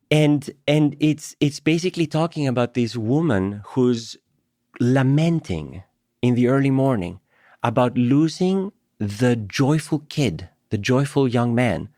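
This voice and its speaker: A man's voice: medium pitch, a little mellow, no room sound, studio quality. A middle-aged man from Greece, a professor guest on a podcast, telling stories animatedly, laughing often and repeating words as he starts. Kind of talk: conversational podcast interview.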